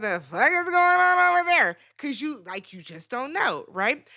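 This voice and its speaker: Sassy lady recapping a reality show, high bright voice, talks like AAVE, lots of laughs and cussing. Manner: animated, sassy, laughing asides, swears freely. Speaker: recap host.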